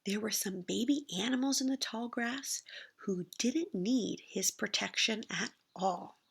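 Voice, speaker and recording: A woman's voice: fairly high pitch, gravelly, husky. A woman teacher reading a picture book aloud to kindergartners, telling it expressively. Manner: expressive storytelling, slow and deliberate.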